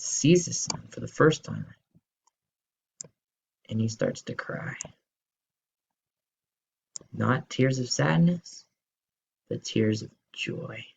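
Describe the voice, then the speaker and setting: A male teacher telling a story to children in an expressive, slow storytelling manner. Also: mid-range voice, gravelly, husky, muffled recording.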